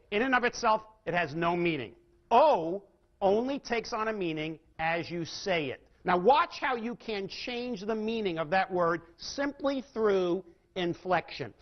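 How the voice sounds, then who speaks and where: High-voiced man giving a seminar talk. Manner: asks the audience questions, dramatic pauses. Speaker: seminar speaker. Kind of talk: live seminar talk to an audience. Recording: dull lo-fi seminar recording.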